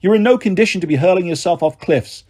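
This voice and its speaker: A man voicing a stern, commanding young huntress goddess who speaks with calm authority. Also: high voice, fast talker.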